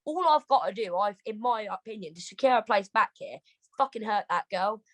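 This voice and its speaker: A woman with a British accent, a boxer talking as an interview guest on a video call, rapid, animated and swearing heavily. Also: medium pitch, no room sound, rough recording. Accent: British English. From Britain. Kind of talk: casual interview chat.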